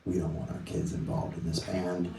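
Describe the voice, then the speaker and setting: A stern, worried older father speaks gravely, with halting pauses, as a man puts him on. The voice sits lower than the man's own. It is heard from far off in an echoey, noisy room. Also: flat delivery, close to an everyday voice.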